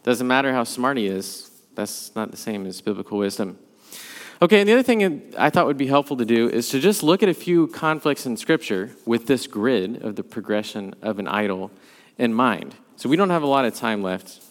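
A man's voice: medium pitch, expressive, moderate pace. A man leading a Bible study class, talking through the passage conversationally and thinking aloud as he goes. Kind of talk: leading a church class discussion. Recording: long hall reverb.

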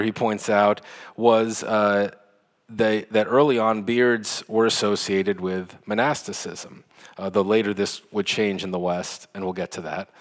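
Man reading and explaining old sources. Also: lowish voice. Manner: reads quotes then comments, with fillers and self-corrections. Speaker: lecturer on church history.

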